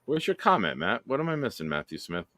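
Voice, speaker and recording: A man's voice: mid-range voice, big pitch swings, fast talker, sharp tone, dry recording. A man hosting a casual livestream, joking around and reading chat comments aloud. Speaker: livestream host.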